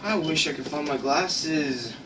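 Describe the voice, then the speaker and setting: A man's voice: fairly high pitch, measured pace. A man ranting in a casual vlog, frustrated and exasperated, swearing constantly, recorded in his bedroom. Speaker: gaming channel vlogger. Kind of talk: casual rant to camera. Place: bedroom at home. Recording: roomy, far from the mic, noisy background.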